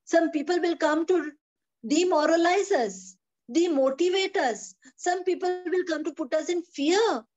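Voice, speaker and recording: A woman's voice: very high-pitched, unhurried, darkish tone. A woman teaching the Bible on a video call. She is emphatic, repeats her phrases and asks rhetorical questions. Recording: dull lo-fi video call audio.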